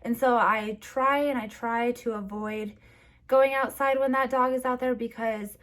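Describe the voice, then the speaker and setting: A young woman vlogger, teary, telling a personal story in a halting way with many restarts. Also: on the high side, fairly even intonation, fairly bright tone.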